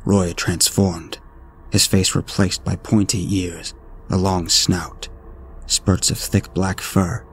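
A man narrating a horror story in a steady, ominous storytelling manner. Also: low-pitched, creaky. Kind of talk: scripted narration. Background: faint music.

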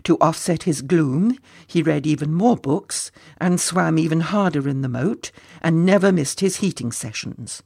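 A children's storyteller reading aloud in a mid-range, gravelly voice. The reading is playful, with chatty asides that tease and address the young listeners directly. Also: medium pitch, expressive, unhurried, few pauses, darkish tone. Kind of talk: storybook narration.

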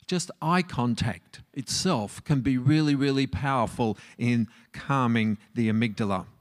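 A middle-aged man, a marriage counsellor, giving a relaxed talk and asking his audience questions. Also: medium pitch, a little slow. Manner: conversational, asks the audience questions.

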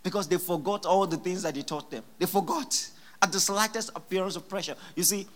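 A pastor preaching a sermon in church, emphatic and repeating key phrases, with sudden loud exclamations. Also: mid-range voice, fairly quick.

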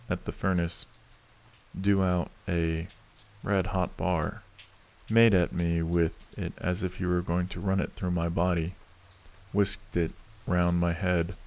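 Man, audiobook narrator, very deep voice, slow measured reading. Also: a little mellow. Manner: measured, unhurried storytelling. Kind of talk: reading a classic novel aloud.

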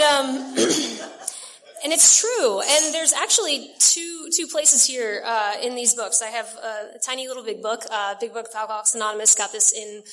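A woman's voice: a little high, moderate pace, a bit bright. A young woman from San Diego telling her recovery story at a meeting in a chatty way, laughing often and using many fillers. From San Diego, California. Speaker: AA meeting speaker.

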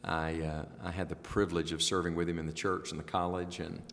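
A man with a West Virginia mountain accent, an evangelist telling stories in a relaxed interview at a camp. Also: sits low, fairly quick, gravelly. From southern West Virginia. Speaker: evangelist and podcast guest. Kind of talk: casual interview chat. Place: indoors at a summer camp. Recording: roomy echo with long reverb.

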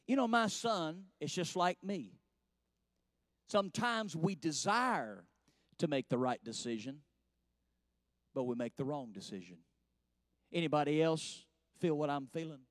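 Folksy preacher, high voice. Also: male voice, expressive, a little slow, long pauses, dry recording, studio quality. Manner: folksy storytelling, rising to fervent preaching. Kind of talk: sermon. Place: church.

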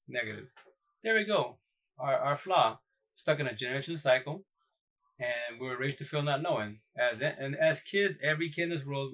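A man's voice: mid-range voice, fairly bright tone, rough recording. A man hosting a casual livestream, talking in a rambling, emphatic way, swearing often and repeating himself. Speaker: livestream host.

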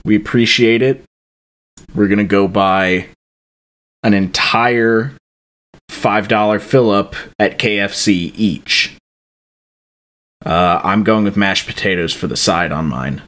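A man's voice: lowish voice, takes it slowly, long pauses, fairly bright tone. A young man hosting a podcast, reading thank-yous in an offhand, joking way with many fillers. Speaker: podcast host. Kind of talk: casual podcast chat.

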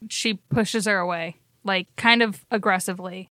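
A woman player in a tabletop game, describing her character's actions in plain, quick calls. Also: mid-range voice, steady tone, a bit bright, dry recording, clean studio sound.

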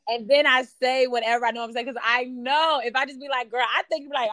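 Woman, casual storytelling, animated, acts out dialogue, slightly high voice, dry close mic. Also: quick pace, no echo. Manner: animated, acts out quoted dialogue, frequent fillers.

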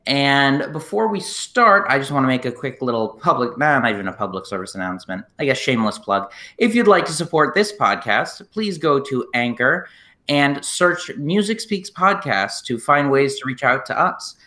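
A man's voice: mid-range voice, expressive, moderate pace, bright, forceful tone, roomy sound. A man hosting a casual podcast interview, chatty as he reads out his show's plugs and asks questions. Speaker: podcast host.

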